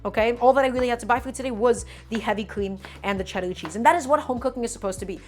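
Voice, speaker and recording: Woman, fairly high voice, lively cooking host, repeats phrases, faint music behind. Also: very fast. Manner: enthusiastic, repetitive, addresses viewers as friends. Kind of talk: live-stream cooking lesson, chatting with viewers. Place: home kitchen.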